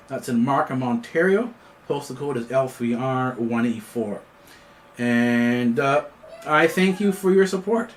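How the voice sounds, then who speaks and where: A Canadian man hosts his own independent news commentary channel, speaking in a medium-pitched voice at a measured pace. His political monologue is unscripted and off the cuff, full of fillers and restarts.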